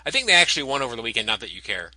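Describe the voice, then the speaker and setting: A man's voice: mid-range voice, very animated, racing, bright, forceful tone, dry recording, rough recording. A man co-hosting a podcast, wry and hesitant with lots of ums. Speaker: podcast co-host. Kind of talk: casual chat.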